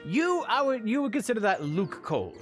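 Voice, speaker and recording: A man chatting casually with his stream audience as he tells a story, animated and often laughing. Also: sits high, normal speed, soft background music. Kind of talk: casual story time chat.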